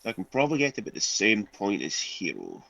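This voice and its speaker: A man's voice: fairly low pitch, huge pitch swings, fast talker, vocal fry, pushed and bright, dry recording. Wry Scottish man on a lo-fi mic. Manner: wry, thinks aloud. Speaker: player. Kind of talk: casual tabletop game chat. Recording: dull lo-fi mic.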